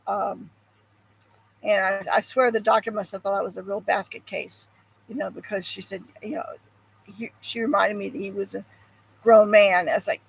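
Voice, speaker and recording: A woman's voice: mid-range voice, little pitch movement, normal speed, gravelly, a little hiss or hum, poor audio. An older woman hosting a homestead channel, chatting casually with viewers in a rambling way, with frequent ums and sighs. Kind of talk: casual chat, answering viewers.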